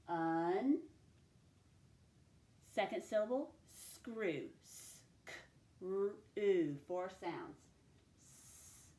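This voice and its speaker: A woman's voice: mid-range voice, darkish tone. Woman teacher sounding out phonics. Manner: slow, careful sounding-out of letters and sounds. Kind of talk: recorded phonics dictation lesson. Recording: echoey room.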